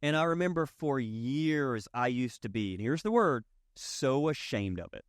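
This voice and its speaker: A man with a Southern East Tennessee accent preaches a sermon in a loose, conversational way. He tells lively stories, often restarts his sentences, and talks in a middle pitch. The sound is dry and close. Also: moderate pace, no echo. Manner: conversational, animated storytelling with frequent restarts. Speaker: pastor. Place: church.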